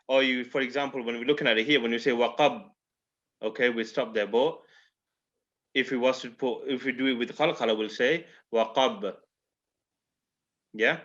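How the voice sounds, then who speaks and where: A man's voice: medium pitch, fairly bright tone. Male recitation teacher on a video call, muffled lo-fi sound, patient, keeps checking students follow. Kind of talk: online class teaching. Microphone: video call microphone.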